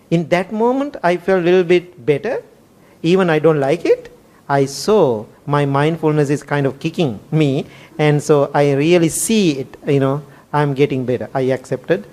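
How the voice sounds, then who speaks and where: A male Buddhist monk with a fairly high voice preaches through a personal story. He laughs often, speaks in non-native grammar and keeps checking in with a questioning "right?" as he goes. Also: darkish tone. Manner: rhetorical "right?" after many phrases. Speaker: Buddhist monk, temple chief monk. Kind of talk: storytelling sermon.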